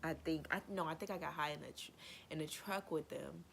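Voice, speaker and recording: A woman with a notably low voice tells a personal story straight to camera, loose and animated, with plenty of slang and swearing. She slips into the voices of the people in her story as she goes. A faint hiss sits under the recording. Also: a little fast, vocal fry. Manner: animated, slangy, swears freely, acts out quotes. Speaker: storytime vlogger. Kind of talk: casual storytelling.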